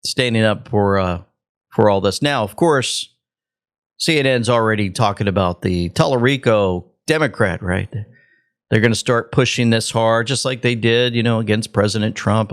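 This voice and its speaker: A man's voice: fairly low pitch, normal speed. A man hosting a political commentary show, reacting to clips in a sarcastic, mocking way. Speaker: show host.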